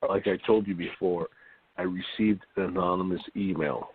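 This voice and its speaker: Very deep husky man on a phone line. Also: fairly even intonation, no echo. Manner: halting, formal, full of filler pauses. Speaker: caller posing as a recovery sponsor. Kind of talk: call-in talk.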